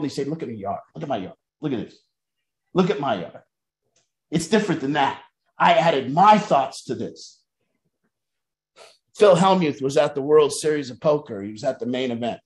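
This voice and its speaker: A man's voice: fairly high pitch, a little mellow. Blunt, profane man giving a recovery talk. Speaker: recovery program leader. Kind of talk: motivational talk.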